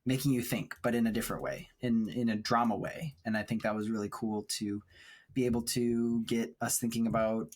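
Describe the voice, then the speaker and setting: A man's voice: mid-range voice, steady tone, brisk. A man co-hosting a film podcast, talking in a thoughtful, rambling way with frequent laughs. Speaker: podcast co-host. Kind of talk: casual chat. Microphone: remote recording setup.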